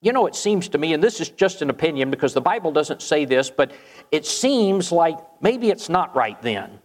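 A man's voice: a little high, big pitch swings, moderate pace. A man preaching a sermon, retelling a story and asking the listeners questions. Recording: long hall reverb.

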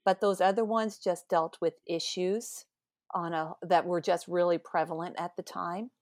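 A woman co-hosting a casual book chat, measured and thoughtful with hesitant phrasing. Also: fairly low pitch, steady tone, a little mellow, no room sound, studio quality. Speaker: podcast co-host.

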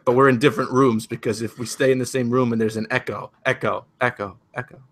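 A man's voice: medium pitch, level tone, quick pace. A man, a priest, co-hosting a casual podcast in a playful, easygoing way.

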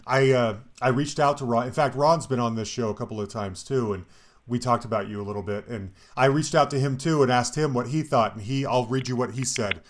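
A man's voice: medium pitch, fairly quick. A man hosting a podcast interview, asking questions casually and reacting with eager interjections. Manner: enthusiastic listener, frequent short reactions. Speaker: podcast host.

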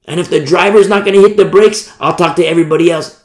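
Gravelly, animated man preaching in an echoey room. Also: high voice, quick pace, few pauses. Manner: animated storytelling, acts out shouted warnings. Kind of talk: sermon.

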